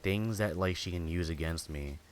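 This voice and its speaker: A man's voice: sits low, moderate pace, slight background noise. A man streaming a game, venting in rambling casual chat full of filler words and swearing. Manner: venting, bitter. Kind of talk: casual chat while gaming.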